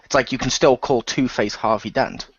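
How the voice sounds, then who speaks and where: A man co-hosts a relaxed podcast chat, cracking jokes and laughing at his own remarks. His voice sits in a middle range. It comes through a dry, muffled, lo-fi recording. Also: medium pitch, husky, no echo. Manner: joking, quick asides with laughs. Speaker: podcast co-host. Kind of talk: casual chat.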